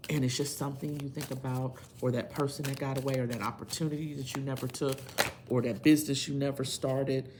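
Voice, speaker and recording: A woman's voice: rumbling low, background noise. A woman tarot reader talking straight to her viewers in a casual video, earnest and emphatic like a pep talk.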